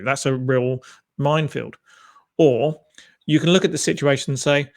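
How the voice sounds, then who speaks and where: A man's voice: medium pitch, fairly even intonation, moderate pace, long pauses. Interviewer guy, thoughtful, hedgy "you know" kind of talk. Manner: thoughtful, hedging questions. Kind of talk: conversational interview.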